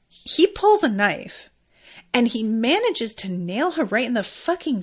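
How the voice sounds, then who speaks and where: A woman's voice: a little high, big pitch swings, unhurried, slightly rough. A woman hosting a podcast, recapping an episode in casual chat with emphatic, exclamatory reactions and frequent swearing. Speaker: podcast host.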